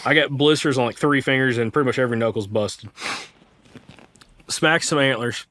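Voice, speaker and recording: A man's voice: mid-range voice, moderate pace, bright, forceful tone. A young man from Alabama, a hunting podcast host, casually retelling a hunt in a rambling way with quoted dialogue. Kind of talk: casual storytelling.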